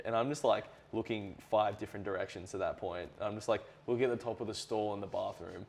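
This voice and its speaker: A man's voice: lowish voice, fairly even intonation, fast talker, vocal fry, hardly any pauses, slight background noise. A young Australian man chatting casually as an interview guest, laid-back, laughing often and swearing freely. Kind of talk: casual chat.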